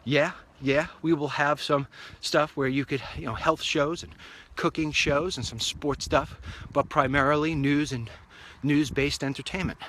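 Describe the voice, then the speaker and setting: A man's voice: on the high side, steady tone, a little slow, few pauses, fairly bright tone, slight background noise. A man hosting his own online show, chatting in a rambling, upbeat way while walking outdoors along a street. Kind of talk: casual walk-and-talk monologue.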